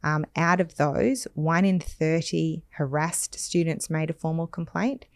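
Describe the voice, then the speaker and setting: A woman, hosting a podcast and reading out statistics in a measured, firm way. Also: deep voice, steady tone, no room sound. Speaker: podcast host. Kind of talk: conversational podcast discussion.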